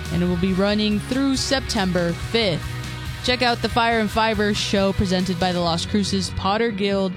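Station announcer over background music. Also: medium pitch. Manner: brisk, upbeat announcer reading. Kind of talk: scripted announcements.

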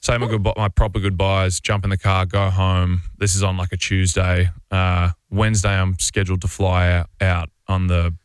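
Aussie bloke rambling through a story on radio, smooth voice, flat delivery. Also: male voice, sits low, normal speed, hardly any pauses, dry recording. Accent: Australian. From Australia. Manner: rambling, relaxed, full of "like" and restarts. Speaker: professional basketball player, radio guest. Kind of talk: casual storytelling in a radio interview.

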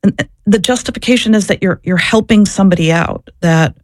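A woman's voice: medium pitch, a little fast, dry recording, studio quality. A woman and former social worker answering interview questions, telling her story in an earnest, reflective way. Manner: earnest, reflective, searching for words.

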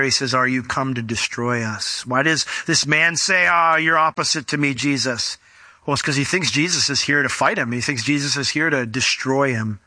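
A middle-aged man preaching an expository sermon, animated and acting out the shouts he quotes. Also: on the high side, no room sound. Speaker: pastor.

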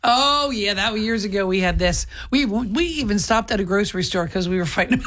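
A woman's voice: medium pitch, expressive, a bit bright. A woman co-hosting a morning radio show, chatting casually and chiming in with her own stories. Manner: conversational, quick to laugh and chime in. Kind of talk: casual on-air banter.

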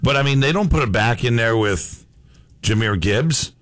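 A man's voice: medium pitch, animated, normal speed, fairly bright tone, no echo. A man hosting a sports radio show, chatting casually and reading out listener messages. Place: radio studio.

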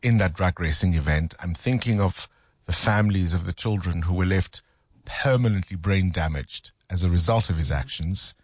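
A man hosting a casual radio chat, easygoing and quick to laugh. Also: sits low, breathy edge, no room sound, studio quality. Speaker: radio host.

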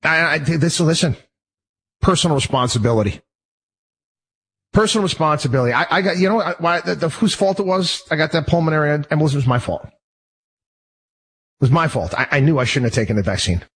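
A male show host delivers a heated, rambling personal monologue in a slightly high, bright, somewhat rough voice, talking fast with frequent restarts and repeated phrases. The recording is rough.

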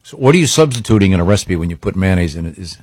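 A low-voiced man with a husky edge co-hosts a radio show. He reads listener letters and breaks in with halting asides. The sound is close and dry. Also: expressive, a little mellow, no room sound. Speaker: radio show co-host reading listener mail. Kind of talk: casual radio banter.

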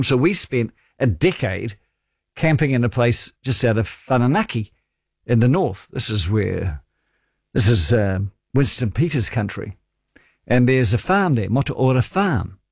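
A New Zealand man in his forties hosts talkback radio, talking in a relaxed, chatty way and spinning wry stories for his listeners. His voice sits at an ordinary middle pitch. It is recorded close and dry on a studio microphone, with no room sound. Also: no room sound.

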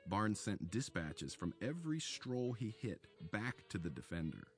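Brief: man, very low voice, measured documentary narrator, soft music bed underneath. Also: sing-song. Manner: measured storytelling delivery. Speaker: author narrating a radio segment.

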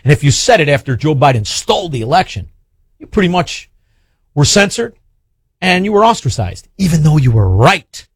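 A man's voice: fairly high pitch, very animated, normal speed, slightly rough, no echo, studio quality. A man hosting a radio talk show, ranting sarcastically and hurling insults at his opponents. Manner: sarcastic, mocking, hurls insults. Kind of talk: combative talk radio rant.

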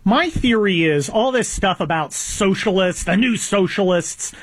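A man's voice: high-pitched, lively intonation, unhurried, a little hiss or hum. A man in his fifties hosting a talk, voicing opinions in a sardonic, rambling way with many fillers. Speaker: podcast host. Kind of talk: opinionated conversational commentary.

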